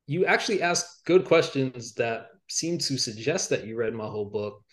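A young adult man, an author guest on a podcast, talking in a reflective, halting way with many fillers and restarts. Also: mid-range voice, lively intonation. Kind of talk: reflective interview talk. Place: podcast studio.

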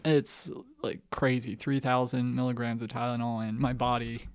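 A man's voice: mid-range voice, little pitch movement, normal speed, heavy background noise. A man co-hosting a podcast, chatting casually and joking about himself. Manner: joking, self-mocking banter.

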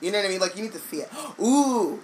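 A young woman co-hosting a casual chat podcast, talking fast and animated with lots of "like" and playful put-on voices. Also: medium pitch, poor audio. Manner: animated, lots of "like", acts out characters in silly voices. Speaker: podcast co-host. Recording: faint background noise.

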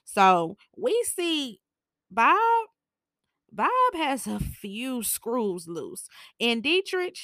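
A woman's voice: on the high side, very animated, extremely slow, sharp tone, no room sound, studio quality. A woman podcaster recapping a TV episode in a casual, opinionated and slangy way, often laughing. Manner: chatty, opinionated, slangy, laughs at her own jokes.

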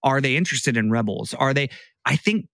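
A man's voice: mid-range voice, lively intonation, a little fast, vocal fry, a bit bright, dry recording, studio quality. A man co-hosting a podcast in casual chat, rambling and restarting his sentences. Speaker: podcast co-host.

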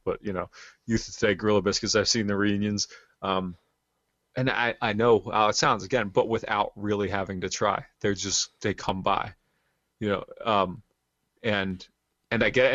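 A man's voice: fairly low pitch, fairly bright tone, no room sound. A man in his thirties telling a long story in casual chat, rambling with many fillers. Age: 30s. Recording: dull lo-fi sound.

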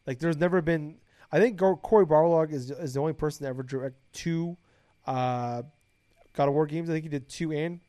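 Excitable, swearing young man on a podcast. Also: a little high, brisk, no echo. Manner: excitable, profane, rambling, gets loud when hyped. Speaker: podcast host. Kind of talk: casual podcast chat.

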